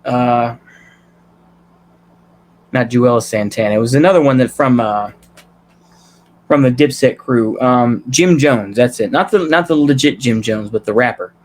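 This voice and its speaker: A man's voice: medium pitch, a little slow, long pauses. A young man from Texas giving a rambling, casual monologue, loosely tagging his points with "you know" and "right?". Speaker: political commentary vlogger.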